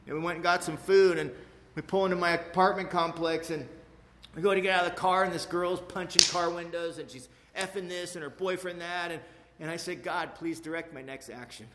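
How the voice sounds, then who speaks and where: In an echoey hall with faint room noise, a man in his forties shares an emotional, rambling testimony with a live recovery meeting audience. His voice sits high with a steady, slightly bright tone, a little fast, and he often asks, "you know what I mean."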